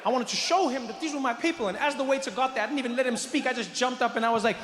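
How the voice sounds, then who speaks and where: A male stand-up comedian telling a story in an animated way, building to loud punchlines and slipping into character voices. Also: very high voice, very fast, hardly any pauses. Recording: echoey stage with audience noise.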